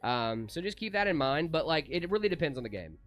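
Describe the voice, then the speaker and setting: A man co-hosting a casual livestream, reading chat aloud and answering in a relaxed, easygoing way. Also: on the high side, fairly quick, faint music behind. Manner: laid-back, reads chat aloud, calls people dude. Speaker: livestream co-host.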